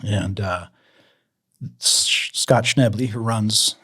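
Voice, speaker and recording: A man telling fishing stories as a podcast guest in a casual, animated way, raising his voice to act out the people he quotes. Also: lowish voice, takes it slowly, breathy edge. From Idaho, USA. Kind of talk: casual storytelling in an interview.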